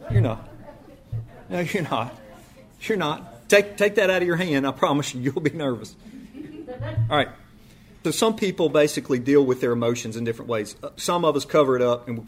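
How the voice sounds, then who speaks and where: A man teaching a church class in a sermon style, emphatic and conversational, often acting out the voices he quotes. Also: medium pitch.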